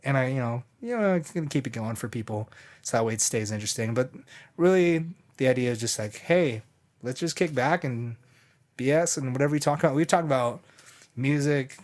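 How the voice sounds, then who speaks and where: A man with a mid-range, somewhat dark voice hosts a podcast at a brisk pace. His casual talk wanders and is full of jokes, and he frequently stops to fix what he's saying partway through a sentence.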